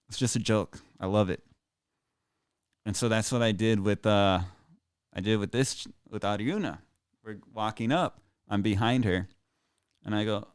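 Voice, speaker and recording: Man in his thirties, lower pitch, smooth clear tone, dry close sound; loose, candid, self-amused storyteller. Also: measured pace, no echo. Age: 30s. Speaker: live streamer. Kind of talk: casual comic storytelling.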